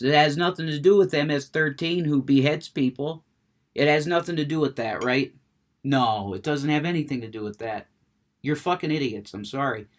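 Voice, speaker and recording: A man ranting with heavy cursing, getting worked up, then chatting about a video game he is playing. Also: on the high side. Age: adult, smoker. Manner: profane, ranting, gets worked up, curses a lot. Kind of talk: unfiltered rant and gameplay chat.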